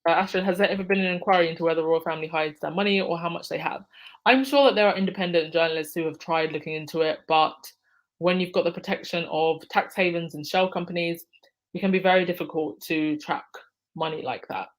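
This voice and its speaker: A woman's voice: fairly low pitch, steady tone, fast talker, rough recording. A woman hosting a casual live stream, reading out viewer comments and answering them by name, laughing often. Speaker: livestream host reading chat.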